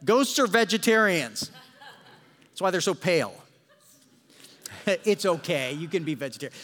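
A male pastor preaching in a church with a high voice that swings up and down. He tells the story dramatically and drops in jokes. The sound carries a long hall reverb. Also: moderate pace. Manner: animated, dramatic storytelling with joking asides. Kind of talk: sermon.

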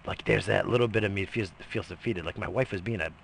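A man's voice: fairly low pitch, fast, gravelly, a little hiss or hum. A middle-aged man in a casual, rambling monologue, swearing freely and coughing between lines. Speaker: vlogger.

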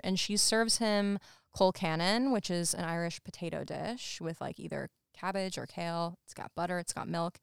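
A woman's voice: fairly low pitch, moderate pace, gravelly, smooth, dry recording, clean studio sound. Woman podcast host recapping with laughs. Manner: laughs often, animated retelling with quoted voices. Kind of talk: casual chat recapping a movie.

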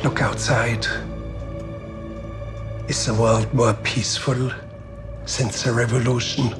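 Menacing imperial envoy played by a man, cold and measured, over a loud ominous score. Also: medium pitch, level tone, music in the background, close to an everyday voice. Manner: slow, measured, quietly threatening. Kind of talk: television drama scene.

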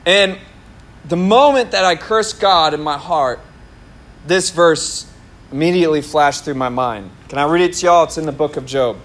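A man's voice: fairly high pitch, normal speed. A male pastor preaching a sermon, telling a personal story with laughter and acted-out quotes. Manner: animated, laughing at himself, acts out his own past words.

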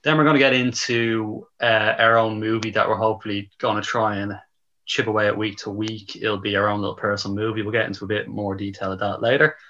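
Bright-voiced man hosting, lo-fi. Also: lowish voice, little pitch movement, fairly quick. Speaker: podcast host. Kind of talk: casual podcast intro. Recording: dull, lo-fi sound.

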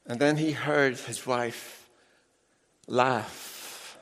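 A middle-aged man preaching a sermon as a pastor, emphatic and animated, with asides to the congregation. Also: mid-range voice, extremely slow. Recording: long reverb in a large hall.

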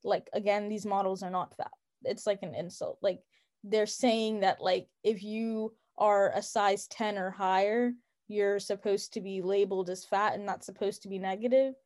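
A woman's voice: medium pitch, fairly even intonation, normal speed, darkish tone. A young woman co-hosting a podcast, talking in a casual, opinionated and emphatic way with lots of "like" fillers. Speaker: podcast co-host.

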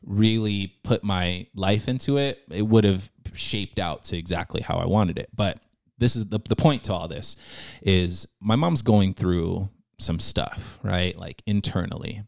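Young man, very low voice, gravelly fry, casual storytelling, slangy and earnest, dry close sound. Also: a little slow, dry recording. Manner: loose and slangy, full of fillers and restarts; earnest and emotional when telling the story. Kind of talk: casual storytelling in a podcast chat.

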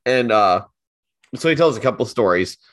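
A man's voice: mid-range voice, lively intonation, moderate pace, fairly bright tone, no echo. Male podcast co-host, casual and laughing, mid voice, dry booth sound. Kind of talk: casual chat.

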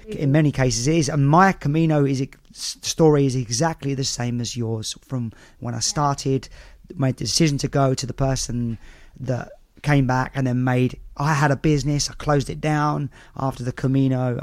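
A man's voice: mid-range voice, darkish tone, dry recording, clean studio sound. A man hosting a podcast interview, talking in an earnest, encouraging, rambling way. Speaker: podcast host. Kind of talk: casual interview chat.

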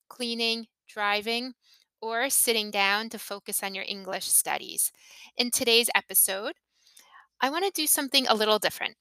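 Slow, crisp woman teaching pronunciation. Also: a little high, bright, forceful tone, dry recording. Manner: careful, deliberate modeling of intonation. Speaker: English teacher and podcast host. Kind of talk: slow, clear pronunciation lesson.

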